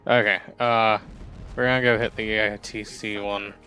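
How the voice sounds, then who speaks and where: A man's voice: on the low side, flat delivery, normal speed, sharp tone. Chatty male streamer over game music. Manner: chatty, rambling, self-deprecating. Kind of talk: casual gameplay commentary.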